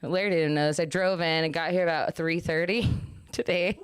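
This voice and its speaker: A young woman hosting a podcast, telling a story in casual chat, animated and quick to laugh. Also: lowish voice, clean tone, no echo, clean studio sound. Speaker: podcast host.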